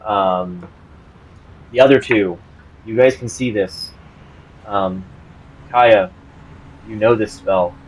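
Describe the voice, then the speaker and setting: Lage mannenstem, aarzelend vertellend. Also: male voice, fairly low pitch, a little hiss or hum, poor audio. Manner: halting, many fillers and restarts. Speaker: game master. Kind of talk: narrating a tabletop game.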